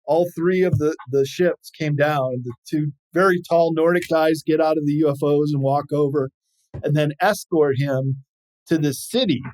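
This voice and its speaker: A man's voice: a little high, normal speed, low-quality recording. A man, an explorer and author, telling stories as an interview guest and acting out quoted voices. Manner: animated storyteller, acts out quoted voices. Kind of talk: storytelling interview chat.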